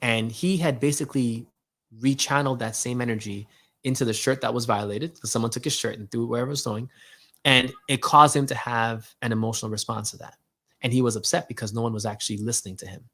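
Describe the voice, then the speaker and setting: A man hosting his own show, telling a casual spiritual story in a slangy, animated way and acting out both sides of a conversation. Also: medium pitch, fast talker. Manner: casual slangy talk, many "like" and "yo" fillers. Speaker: host.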